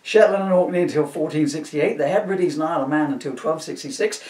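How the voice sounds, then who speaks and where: A man's voice: a little high, quick pace, a little mellow, distant mic. A man reading from his own comic book, chatty and self-mocking, with asides. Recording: roomy echo, voice from off-mic.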